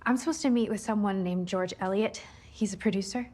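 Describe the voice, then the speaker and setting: A woman's voice: medium pitch, darkish tone, lightly acted. An actress playing an anxious young woman who urgently tries to report a suspected killer, in a clip from a film. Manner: urgent, hurried pleading.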